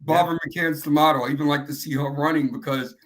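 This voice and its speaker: New guy, newspaper editor on a talk show, relaxed and upbeat, voice a little high. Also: fast talker, poor audio. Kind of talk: casual interview chat.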